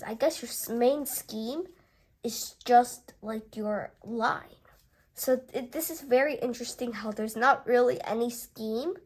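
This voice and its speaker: Young woman unboxing a board game, kinda high voice, chatty and excited, reads the cards out. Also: gravelly, husky. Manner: chatty and excited, reading card text aloud. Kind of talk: casual unboxing and card review.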